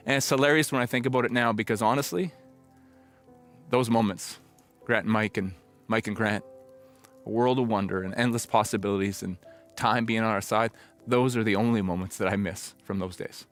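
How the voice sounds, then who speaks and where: A middle-aged pastor telling a personal story in a conversational, reflective sermon, now and then acting out old conversations. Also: male voice, on the low side, fairly even intonation, brisk, faint music behind.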